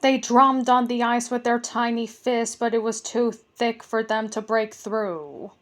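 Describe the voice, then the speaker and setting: Slow, gentle bedtime storyteller woman. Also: fairly high pitch, steady tone.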